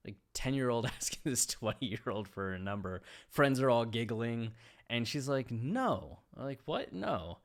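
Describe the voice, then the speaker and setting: A man hosting a casual monologue about a book, telling animated stories and laughing often, turning slower and reflective on the ideas. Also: medium pitch, clean tone. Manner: animated storyteller, laughs often mid-sentence. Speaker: host.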